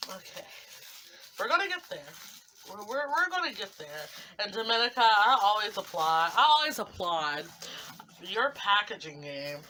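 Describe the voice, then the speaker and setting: Unboxing fan art on her vlog, a young woman chats in a very animated, gushing, giddy way, laughing and squealing often. She speaks at a normal speed in a pushed, bright, mid-range voice, leaning on slang and fillers such as "like" and "you know," with slight background noise.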